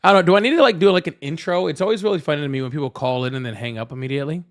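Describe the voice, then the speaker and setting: Guy rambling to his stream chat, kinda high voice, repeats stuff. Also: rapid-fire. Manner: rambling, repeats himself, talks straight to chat. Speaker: livestream political debate host. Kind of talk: casual livestream chat.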